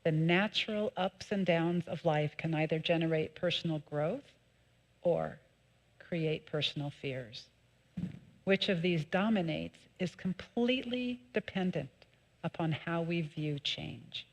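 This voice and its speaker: A woman minister giving a sermon, calm and measured in her teaching, with lively emphatic peaks. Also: deep voice. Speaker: associate minister. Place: church sanctuary.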